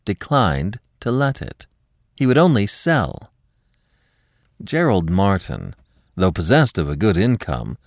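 A man narrating a classic short story for an audiobook podcast in a measured, expressive style. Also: low voice, creaky, no echo, clean studio sound.

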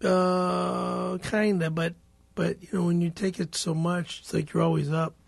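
A tired man, co-host of a podcast, talking in a gruff, profane, casual way. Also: high voice, level tone, unhurried, no echo. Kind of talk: casual chat.

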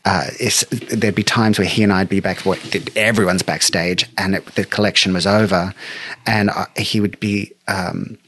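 A middle-aged man from Australia, a make-up artist telling stories in an interview with lively, emotional delivery. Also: on the low side, normal speed. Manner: animated, emotional storyteller who acts out quotes. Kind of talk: storytelling interview chat.

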